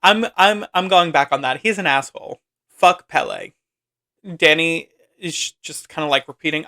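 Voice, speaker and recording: A man's voice: a little high, measured pace, sharp tone, smooth. A man hosting a podcast, chattily recapping a film with lots of asides and "like.". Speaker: podcast host.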